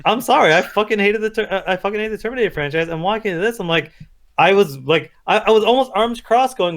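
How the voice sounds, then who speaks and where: High-pitched guy talking super fast on a movie podcast, all hyped and cursing. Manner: excitable, profane, acts out his own reactions. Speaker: podcast co-host. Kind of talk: casual movie review chat.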